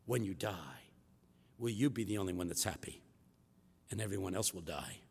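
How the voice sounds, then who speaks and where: A man preaching a sermon with call-and-response rhythm, swinging from shouts to hushed tones in a large hall. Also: low voice, animated, normal speed, vocal fry, slightly rough. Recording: echoey hall reverb.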